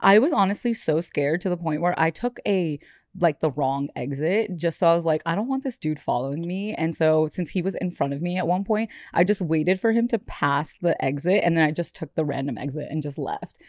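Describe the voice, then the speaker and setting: A woman's voice: deep voice, brisk, dry recording, studio quality. A woman co-hosting a podcast in casual chat, telling stories with lots of laughter and acted-out quotes. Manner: animated storytelling, laughs often, acts out quotes. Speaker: podcast co-host.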